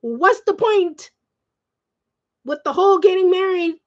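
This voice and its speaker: A woman vlogger ranting in casual chat, rambling and swearing, swinging quickly between feelings. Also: very high voice, expressive, muffled recording. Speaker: live-streaming vlogger.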